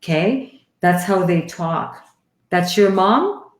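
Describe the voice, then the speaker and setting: Speaking slowly in a low-leaning, animated voice with plenty of reverb, a woman hosts a casual home livestream giving psychic readings. She chats warmly with viewers, calling them honey and sweetheart, over a headset or computer mic indoors.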